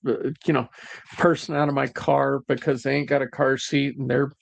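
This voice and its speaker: A man co-hosting a casual chat, blunt and gruff, swearing as he talks. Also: mid-range voice, little pitch movement, normal speed, dry recording. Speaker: rideshare driver, co-host.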